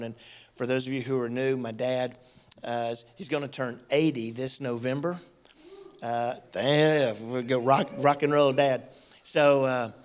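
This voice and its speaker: A middle-aged pastor delivers a sermon in church, his fairly high voice alternating between loud bursts and quiet, emotional asides.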